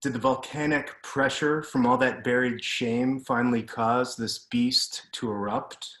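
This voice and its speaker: A man reading his own prose at a steady, deliberate pace, like an author at a reading. He sounds like he is on a video call, and the room around him adds a clear echo. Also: medium pitch. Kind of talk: literary reading. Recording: roomy echo.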